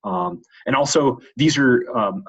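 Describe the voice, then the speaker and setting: Introducing the week's reading for his course, a male instructor hesitates constantly, full of ums and restarts. His mid-range voice is gravelly with a breathy edge, very animated yet unhurried. This recorded weekly lecture intro has a dull, lo-fi sound.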